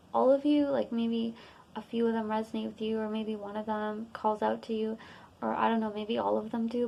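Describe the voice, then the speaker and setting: A woman's voice: fairly high pitch, creaky, a little hiss or hum, poor audio. A young woman giving a casual, rambling tarot reading to her viewers, full of fillers. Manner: rambling, relaxed, many fillers. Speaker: tarot reader.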